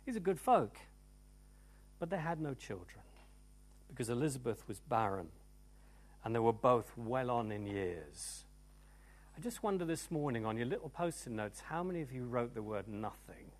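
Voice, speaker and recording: A man preaching a sermon to a church congregation, emphatic and animated, moving from loud cries to hushed tones. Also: mid-range voice, normal speed, pauses often. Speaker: pastor. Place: church service before a congregation.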